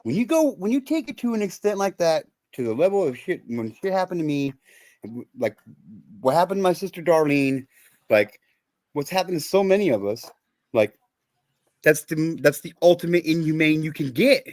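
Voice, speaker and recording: Podcast host, man, high voice, dry sound, blunt and emphatic. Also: sing-song, moderate pace, a little mellow, no room sound. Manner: blunt, emphatic, swears when heated. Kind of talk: casual conversation.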